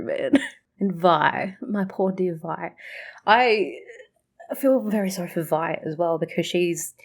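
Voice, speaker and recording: A woman's voice: mid-range voice, slightly rough. A woman hosting a reaction video, chatting casually, swearing freely and rambling through her thoughts. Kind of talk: casual chat reacting to a show.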